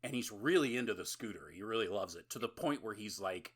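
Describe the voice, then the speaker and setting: A man's voice: fairly low pitch, animated, fairly quick, fairly bright tone, breathy edge. A male podcast host in casual chat, recapping a film in a rambling, laughing, profane way.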